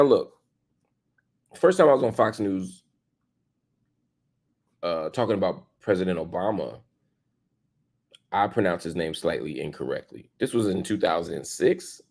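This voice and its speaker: A show host in his forties, with a low, creaky voice and a breathy edge, delivers an emphatic opinion monologue. He piles on rhetorical questions and swings between loud and soft.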